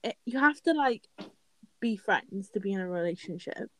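A woman's voice: mid-range voice, expressive, normal speed, low-quality recording. A young woman, chatting casually as an advice co-host and using lots of "like" fillers. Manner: chatty, filler-heavy, laughs often. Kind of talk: casual chat.

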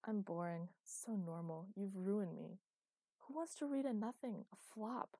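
A woman's voice: medium pitch, measured pace, mellow, no room sound. A woman voicing a petulant, melodramatic young woman writer in an audiobook, whiny and sulky.

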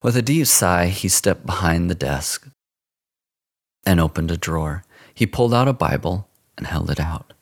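A man narrating a first-person story in an expressive, dramatic audiobook style. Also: low-pitched, unhurried, no echo, studio quality.

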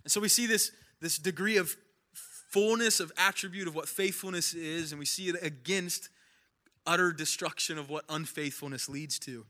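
A man's voice: on the high side, normal speed, pushed and bright. A young man preaching a sermon in a casual, conversational way, repeating phrases for emphasis. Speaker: pastor.

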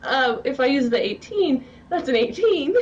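A woman's voice: high voice, expressive, moderate pace, lo-fi sound, slight background noise. A woman playing a tabletop role-playing game, giggly and playful. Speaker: player.

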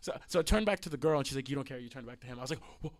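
Raspy, fast-talking man telling a story. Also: medium pitch. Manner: rambling, laughing, profane, animated retelling. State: a little sick, raspy voice. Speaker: podcast host. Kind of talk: casual storytelling chat. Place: studio.

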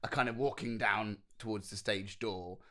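A man co-hosting a casual podcast chat, retelling and critiquing a TV episode in a rambling, animated way. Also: on the low side, normal speed. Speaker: podcast co-host.

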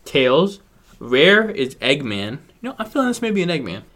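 Man, podcast co-host, animated pitch, joking, swearing, faint noise. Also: normal speed. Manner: joking, swearing, lively storytelling. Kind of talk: casual chat among friends.

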